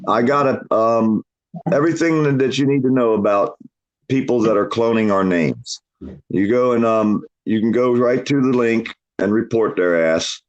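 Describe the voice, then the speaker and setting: A man's voice: mid-range voice, moderate pace, dull audio. A man chatting casually on a livestream, a boastful storyteller who swears a lot and laughs often. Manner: lively, swinging delivery. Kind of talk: casual chat.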